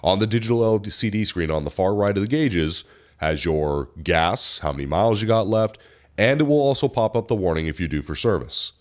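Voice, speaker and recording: A young man co-hosting a podcast, telling a workplace story in a lively way and acting out the customer's lines. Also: lowish voice, fairly quick. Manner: animated anecdote teller, acts out customer lines. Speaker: podcast co-host. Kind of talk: casual storytelling chat.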